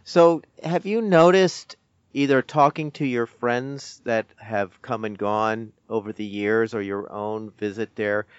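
A man interviewing a guest, asking measured, attentive questions. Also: medium pitch, clean tone, dry recording. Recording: dry, dull lo-fi recording.

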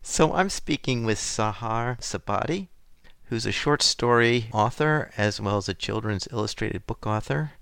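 A male interview host who asks questions in a plain, conversational way. His voice is low, gravelly and smooth, and the recording is dry. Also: expressive, unhurried, a bit bright, dry recording.

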